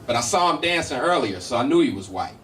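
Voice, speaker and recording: A man's voice: medium pitch, big pitch swings, fast talker. Man doing stand-up, distant club sound. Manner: acts out quoted lines in story jokes. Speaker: stand-up comic. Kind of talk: stand-up storytelling. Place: comedy club. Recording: distant club mic with faint noise.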